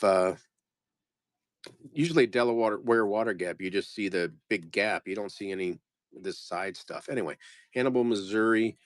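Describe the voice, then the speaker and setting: Low-voiced man flipping through postcards. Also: no echo, clean studio sound. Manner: rambling, self-deprecating, reading off card names. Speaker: live-stream postcard seller. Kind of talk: casual live-sale narration.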